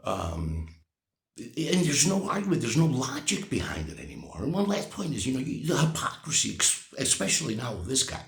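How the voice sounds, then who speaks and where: A man's voice: fairly high pitch, sing-song, fairly quick, creaky, reverberant. A man in his sixties delivering a blunt, profane, exasperated political rant to camera, often restarting his sentences. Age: 60s. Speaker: vlogger.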